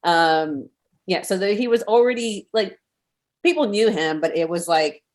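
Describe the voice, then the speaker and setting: A woman in her thirties, a podcast guest in casual chat, talking in an animated, rambling way with many fillers over a remote call mic. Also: mid-range voice, a little slow.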